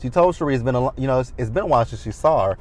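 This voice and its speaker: A man's voice: mid-range voice, animated, very fast, darkish tone. A man in his thirties recapping a reality show in a chatty, sassy way with dramatic asides. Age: 30s. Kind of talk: casual recap commentary.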